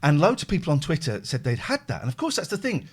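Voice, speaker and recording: Male host, middle-aged, animated storyteller, slightly higher voice with a lively, swinging delivery. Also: fast, breathy edge. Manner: animated storyteller, acts out phone calls, thanks subscribers. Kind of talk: casual chat, livestream storytelling.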